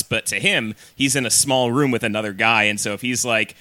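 Bright, dry-sounding man rambling a comedy bit. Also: fairly even intonation, a little fast, no room sound. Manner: rambling storyteller pitching comedy bits. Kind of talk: casual comedic banter.

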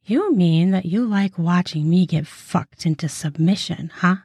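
A woman's voice: lowish voice, a little slow, darkish tone, husky, no echo. Woman voicing a bold teasing older woman. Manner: sultry, teasing, hissing. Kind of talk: erotic audiobook reading.

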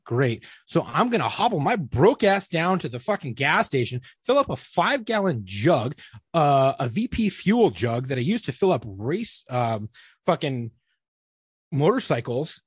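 A man's voice: a little high, measured pace, breathy edge, dry recording, studio quality. A man in his thirties telling a story on a casual podcast, swearing freely and acting out every side of the conversation. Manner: profane, animated, acts out both sides of dialogue. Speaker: podcast co-host.

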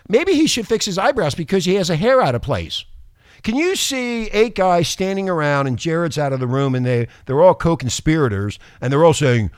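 A man's voice: high voice, big pitch swings, normal speed, no echo, studio quality. A man hosting a talk radio show, ranting angrily with profanity and mocking sarcasm. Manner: angry, profane, combative ranting.

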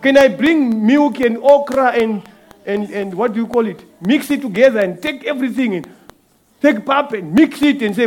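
High-voiced man preaching conversationally. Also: animated, normal speed, a little mellow. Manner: conversational preaching with acted-out quotes and rhetorical questions; repeats words and restarts mid-phrase. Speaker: guest preacher. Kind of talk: sermon.

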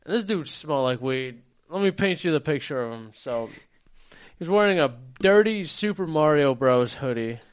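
A man's voice: a little high, lively intonation, moderate pace. A man co-hosting a podcast, telling a story in casual chat, acting out quotes and swearing freely. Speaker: podcast co-host.

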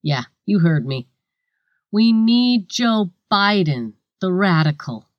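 A woman's voice: mid-range voice, sing-song, takes it slowly, no room sound, muffled recording. A woman reporter giving a satirical news report in a sardonic, profane manner.

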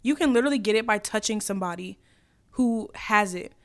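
A woman's voice: medium pitch, fairly quick. A young woman hosting a solo podcast, chatting casually and gushing, with some swearing. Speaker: podcast host.

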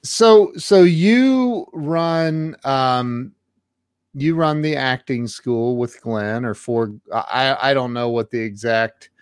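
A woman hosting an interview podcast, asking halting questions with many restarts. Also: rumbling low, darkish tone, clear, resonant tone, dry recording, clean studio sound. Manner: halting, restarts questions, quick to laugh along. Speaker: podcast host. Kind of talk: casual interview chat.

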